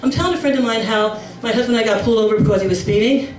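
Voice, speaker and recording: A middle-aged woman performing a brash stand-up comedy routine, now and then breaking into shrill squealing voices for her relatives. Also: very fast, recorded from a distance, a little hiss or hum. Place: comedy club. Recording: echoey club room, mic heard from afar, audience laughter. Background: crowd laughing.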